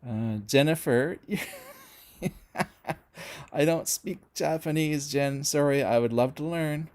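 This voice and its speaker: This middle-aged Canadian man speaks slowly in a fairly high, slightly mellow voice. Hosting an easygoing music-channel livestream, he talks with his audience and wanders through their comments, often restarting and using fillers.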